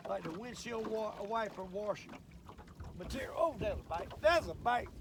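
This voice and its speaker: High-voiced old guy rambling on about fishing from his boat, country drawl. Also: noisy background. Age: older. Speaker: fishing show host. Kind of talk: casual fishing vlog monologue. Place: outdoors on a boat on a lake.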